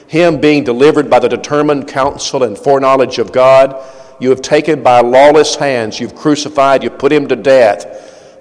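A man preaching a sermon, earnest, repeating words as he goes, his delivery swinging between loud and soft. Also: fairly high pitch, in a large hall.

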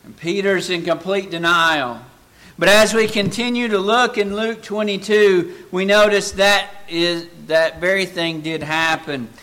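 A man preaching a sermon, slow and dramatic, swinging from loud, raised passages to hushed, low ones. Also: fairly even intonation.

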